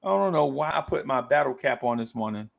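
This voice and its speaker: A man's voice: medium pitch, animated, a little fast, vocal fry. A man hosting a casual live-stream chat, reading viewer comments aloud in a playful way and often repeating his own phrases. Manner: playful, laughs easily. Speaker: host of a fan talk stream.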